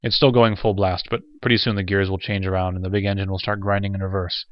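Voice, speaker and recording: A man reading the lines of a cool, detached alien man who speaks flatly and matter-of-factly. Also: sits low, quick pace, no echo, natural voice. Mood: indifferent. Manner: flat, detached, matter-of-fact. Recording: dull lo-fi recording.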